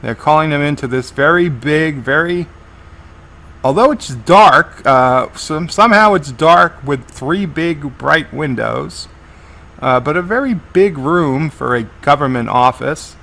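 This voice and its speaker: A man's voice: on the high side, lively intonation, unhurried, creaky, sharp tone. A man giving live reaction commentary on a TV episode, narrating scenes as they unfold and often restarting his sentences. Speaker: TV episode reviewer.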